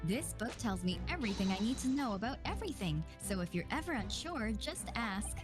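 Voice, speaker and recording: An earnest, bookish young assistant, read by a woman who states odd facts with total confidence. Her pitch moves in a lively way. Game music runs behind. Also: a little fast, natural voice.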